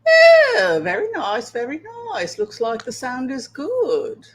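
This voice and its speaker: A woman's voice: high voice, huge pitch swings, slow, slight background noise, rough recording. Chatty woman hosting a livestream. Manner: chatty and rambling, checking with viewers. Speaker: tarot reader and livestream host. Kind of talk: casual livestream chat.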